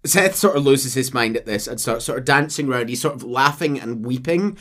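Animated man recapping a story. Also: mid-range voice, fairly quick, few pauses. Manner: animated, laughing, hedging with "sort of". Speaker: podcast host recapping a game.

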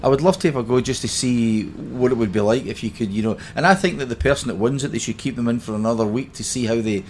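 A man's voice: medium pitch, quick pace. Scottish guy, 50s, yarning away on a podcast, laughs a lot, bit of background hiss. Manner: chatty storyteller, laughs easily. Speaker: podcast guest. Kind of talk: casual chat.

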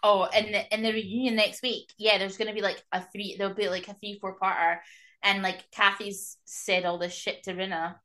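Chatty woman co-host, mid-range voice, eager and quick to laugh. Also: mid-range voice, flat delivery, bright, forceful tone. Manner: enthusiastic, laughs often. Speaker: podcast co-host. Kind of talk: casual chat.

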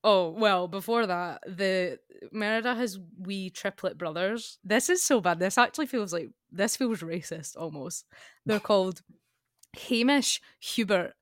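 A Scottish woman co-hosting a podcast in casual chat, talking fast with frequent laughs and asides. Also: medium pitch, no echo, clean studio sound. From Scotland. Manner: chatty, laughs often, quick asides. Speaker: podcast co-host.

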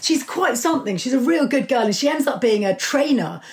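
Animated woman telling stories as a guest. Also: sits high, brisk, slight background noise. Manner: enthusiastic, animated storytelling. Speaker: author and guest. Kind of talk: conversational interview.

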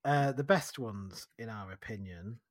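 A man's voice: lowish voice, a little slow, dry recording, studio quality. A man with a Northern English accent, chatting casually about a trip, rambling and laughing easily. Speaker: podcast guest. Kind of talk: casual chat.

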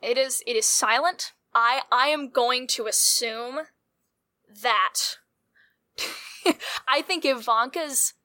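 A woman casually playing a tabletop role-playing game, animated and quick to laugh, sliding in and out of character. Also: high-pitched. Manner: animated, laughs often, stumbles and restarts.

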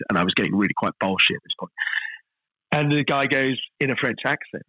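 A middle-aged man, a chef guest telling stories in a relaxed podcast interview, self-deprecating and full of restarts. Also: lowish voice, fast talker, slightly rough, no echo, lo-fi sound. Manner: chatty, self-deprecating storyteller with frequent restarts.

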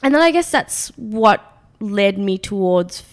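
A woman's voice: medium pitch, animated, unhurried. A woman in her late twenties with an Australian accent, chatting as an interview guest, with frequent ums and light laughter. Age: 20s. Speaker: guest, food magazine founder. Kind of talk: casual interview.

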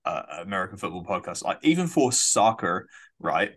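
A man's voice: deep voice, very animated, moderate pace, fairly bright tone. A man, co-hosting a casual sports podcast, chatty and swearing. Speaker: podcast co-host.

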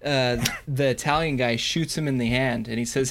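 A man's voice: medium pitch, fairly even intonation, normal speed, creaky, noisy background. A man co-hosting a podcast, recapping an episode in casual chat and slipping into a mock mobster voice for jokes. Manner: joking, slips into put-on mobster voice. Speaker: podcast co-host.

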